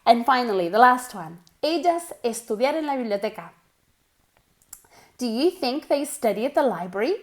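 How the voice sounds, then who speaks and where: A woman's voice: a little high, sing-song. Upbeat woman teaching English pronunciation. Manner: encouraging, drills pronunciation slowly and repeats words. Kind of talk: bilingual English lesson.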